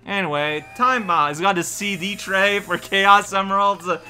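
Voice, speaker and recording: A man's voice: high-pitched, normal speed, sharp tone, a little hiss or hum. A man with a Quebec French accent giving rambling, joking gameplay commentary, sometimes singing snatches of songs. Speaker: let's play host. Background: game music.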